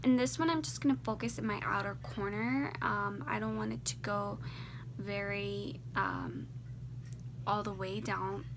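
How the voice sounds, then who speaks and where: A woman narrating a makeup tutorial step by step, soft-spoken and often dropping to a whisper. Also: medium pitch, fairly even intonation, measured pace, background noise. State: teary-eyed from a poked eye.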